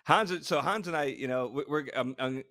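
A man's voice: a little high, moderate pace. Chuckling middle-aged man telling stories. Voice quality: short of stature (said), plain voice. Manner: laughs often, animated, many restarts. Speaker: podcast co-host, former astronaut. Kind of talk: casual storytelling chat.

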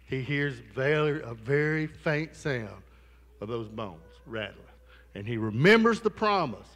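A man's voice: mid-range voice, lively intonation, unhurried, fairly bright tone, long reverb tail. A male pastor preaching a sermon in a conversational style, with asides to the congregation in a church sanctuary.

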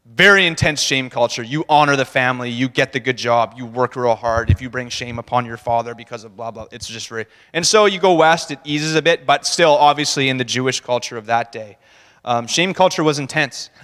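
A man preaches in a loose, chatty way, laughing now and then and slipping into little voices for the people in his story. His voice sits at an ordinary middle pitch. A long church-hall reverb trails behind every word. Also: fairly quick, fairly bright tone, clear, resonant tone. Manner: conversational, laughing, acts out quotes. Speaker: church speaker. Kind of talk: casual sermon talk. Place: church sanctuary.

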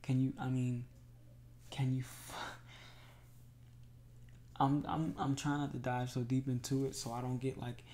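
A man in a whispered role-play as an adoring, emotional boyfriend. His voice is gravelly with fry, and he speaks slowly and gently. A faint noise sits under the recording. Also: medium pitch, monotone. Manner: soft and affectionate, often breaking into laughs and sighs. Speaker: ASMR creator.

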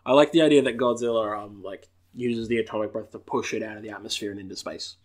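A man's voice: on the low side, fairly even intonation, fast, a little mellow. A man co-hosting a comedy podcast in a playful, jokey way. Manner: playful, jokey, keeps slipping into silly voices. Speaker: podcast co-host. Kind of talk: casual comedic chat.

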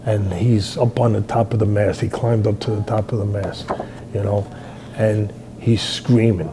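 An older man, hosting a fight talk show, telling stories in a rambling way and shouting out quoted lines. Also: lowish voice, fairly even intonation, normal speed, slight background noise. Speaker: boxing trainer and show host. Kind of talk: animated fight analysis chat.

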